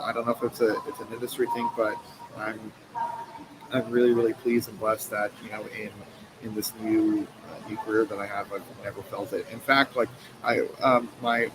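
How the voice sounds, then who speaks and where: Earnest middle-pitched man, guest on a live stream, halting delivery, noisy audio. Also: monotone. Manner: earnest, halting with many fillers and restarts. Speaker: guest, company co-founder and president. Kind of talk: conversational storytelling interview answer. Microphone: live stream mic.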